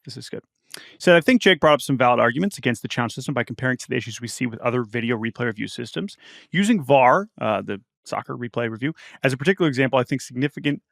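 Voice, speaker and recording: A man co-hosting a casual sports podcast, talking in halting bursts with repeated words and reading listener email aloud. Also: mid-range voice, creaky, fairly bright tone, no echo, clean studio sound. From United States. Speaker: podcast co-host. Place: small-town home studio.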